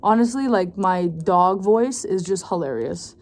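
A woman's voice: medium pitch, expressive, unhurried. A young woman talking casually to her vlog viewers, loose and chatty with plenty of "like" and "um". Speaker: vlogger.

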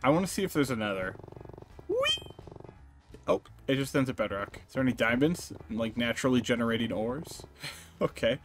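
A young man narrating a let's play, joking around and reacting loudly to the game. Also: medium pitch, quick pace, music in the background. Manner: excitable, jokey, squeals when startled. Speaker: gaming YouTuber.

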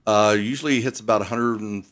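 An older man from Ohio with an Ohio accent, a pilot guest on a radio interview, chatty and animated as he tells stories. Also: on the low side, fast talker. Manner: chatty storyteller, animated, fond of doing accents. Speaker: air show pilot.

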